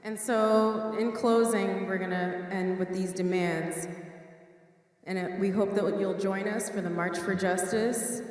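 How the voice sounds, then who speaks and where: A woman's voice: medium pitch, fairly even intonation, measured pace, darkish tone. A woman community organizer giving a fervent, emphatic rally speech at a public meeting. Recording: echoey hall, voice from far off.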